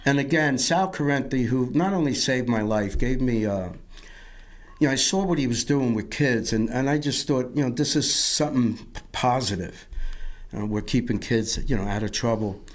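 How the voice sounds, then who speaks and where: A man's voice: medium pitch, normal speed. A middle-aged man talks through his life story as an interview guest. His telling rambles, with restarts and repeated words, and he acts out other people's lines as he goes. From Yonkers, New York.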